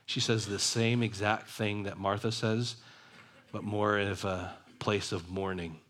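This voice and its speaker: A man's voice: fairly low pitch, level tone, a little slow, fairly bright tone. A man preaching a sermon, reading a passage aloud and explaining it in a conversational way. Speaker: pastor.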